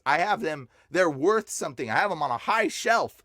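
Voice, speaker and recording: Young man, high voice, dry close sound, excitable storytelling. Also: moderate pace, no room sound. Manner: excitable, voice jumps up when quoting himself. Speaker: podcast guest. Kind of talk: animated personal storytelling.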